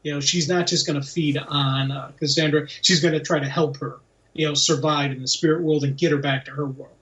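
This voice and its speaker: Male podcast co-host, lively casual chat, somewhat high voice, muffled far-off mic. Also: a little fast. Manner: animated, acts out voices when retelling scenes.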